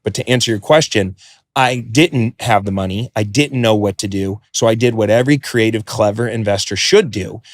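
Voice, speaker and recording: A man telling a story as a podcast guest, animated, acting out quotes and swearing freely. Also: on the low side, normal speed, no room sound. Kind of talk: podcast interview.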